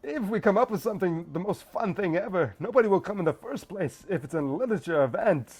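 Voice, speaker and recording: A man's voice: sits high, expressive, fast talker, darkish tone, husky, pitched above the performer's own voice. A man voicing a young female club president as a Schwarzenegger-style impression, in a raised, heavy put-on accent. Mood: persuasive.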